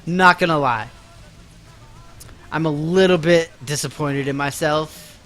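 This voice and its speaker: Bright-voiced chatty male game streamer. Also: on the high side, unhurried, faint music behind. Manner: chatty and self-mocking, talking to viewers while playing. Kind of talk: casual live-stream gameplay chat.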